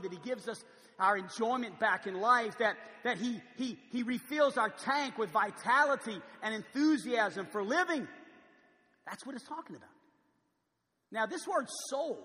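A man's voice: high-pitched, pushed and bright, long reverb tail. A man preaching a sermon in a large church, conversational, with frequent stammered restarts. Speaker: pastor.

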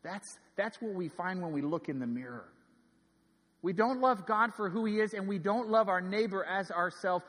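Man, 30s, pastor preaching a sermon, high voice, earnest storytelling, loud emphasis to hushed asides, large church hall with long reverb. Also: normal speed.

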